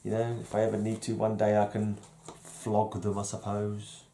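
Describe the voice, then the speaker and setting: A man's voice: on the low side, completely flat delivery, normal speed, dark tone, slight background noise. A middle-aged man hosting a casual vlog, rambling and chuckling at himself. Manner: rambling, chuckling, self-deprecating. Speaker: vlog host. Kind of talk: casual solo vlog chat.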